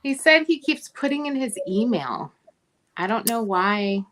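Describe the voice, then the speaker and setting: A woman's voice: fairly high pitch, animated, a little slow, a crowd in the background. A woman hosting a casual livestream chat, teasing her co-host and greeting viewers by name.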